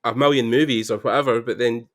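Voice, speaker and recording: Fast-talking Scottish man, chatty. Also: mid-range voice, steady tone, a bit bright. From Scotland. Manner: rambling, chatty with many fillers. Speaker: 3D artist guest. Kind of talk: casual podcast chat.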